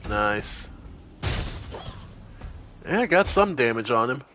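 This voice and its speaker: A man's voice: medium pitch, very animated, slow pace, pushed and bright. Casual man narrating his game. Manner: thinks aloud, swears casually. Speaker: streamer. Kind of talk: casual gameplay commentary.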